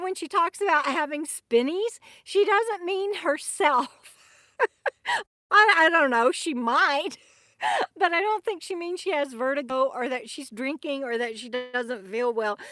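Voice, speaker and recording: A woman's voice: fairly high pitch, a bit bright, dry recording, clean studio sound. A woman hosting a casual live stream from her RV, chatting and laughing as she reads out viewer comments. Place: RV camp in the desert.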